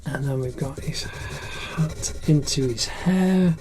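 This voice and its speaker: A man's voice: a little high, takes it slowly, background noise. A middle-aged man narrating a drawing tutorial in a chatty, encouraging way, like an art teacher.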